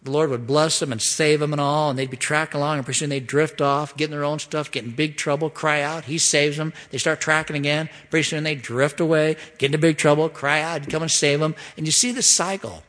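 A man preaching an expository sermon as pastor, pleading and emphatic, rising to loud questions and dropping to hushed asides. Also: a little high, steady tone, brisk, hardly any pauses, long reverb tail.

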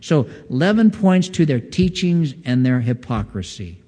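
A man's voice: mid-range voice, sing-song, measured pace, dark tone, big-room sound. A pastor giving an earnest, teaching sermon, reading scripture aloud and asking his listeners rhetorical questions. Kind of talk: expository sermon.

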